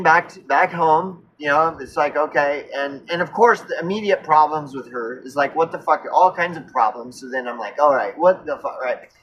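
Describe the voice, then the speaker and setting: A man's voice: a little high, bright, forceful tone, slight background noise, rough recording. A man telling a personal story in a rambling, profane, repetitive way. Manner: rambling, profane, repeats himself. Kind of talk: casual storytelling monologue.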